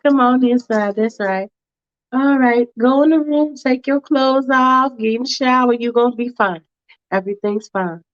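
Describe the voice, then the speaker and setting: A woman voicing a caring mother who soothes her daughter in a gentle, reassuring way. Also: on the high side, moderate pace, dull audio, lightly acted. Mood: soothing.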